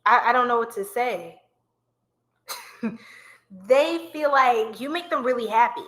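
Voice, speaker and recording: A woman's voice: a little high, lively intonation, unhurried, fairly bright tone. A woman giving a live-streamed tarot reading, chatty and playful, laughing often and talking to viewers as y'all. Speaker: tarot reader.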